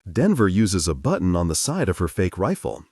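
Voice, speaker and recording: A man reads a novel aloud with wry, lively storytelling. His low, husky voice rises and falls widely, and the recording is close and dry. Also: fairly quick, no echo. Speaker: audiobook narrator. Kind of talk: audiobook narration.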